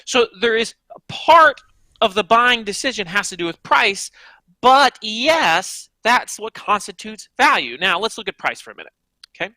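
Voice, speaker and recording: A man, an author being interviewed, answering with animated, emphatic energy and speaking straight to the audience. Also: sits high, moderate pace, no echo. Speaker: author and guest.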